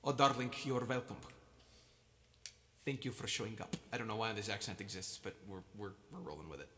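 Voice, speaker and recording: A man's voice: fairly low pitch, a little fast, fairly bright tone, slight background noise. A man who is a musician hosting a live stream, chatting casually between songs in a rambling, self-mocking, jokey way. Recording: reverb with guitar in background.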